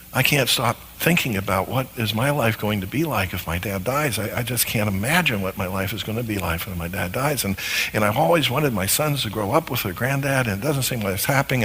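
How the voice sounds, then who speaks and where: A man's voice: medium pitch, sharp tone, slight background noise. A man voicing an anxious, frightened wife. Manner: repeats words when upset. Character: anxious wife afraid of losing her father. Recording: long hall reverb.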